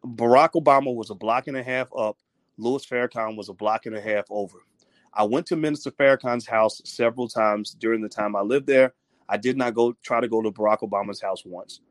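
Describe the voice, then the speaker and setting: A male commentator delivering a heated, profane opinion monologue with animated delivery. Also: medium pitch, no echo.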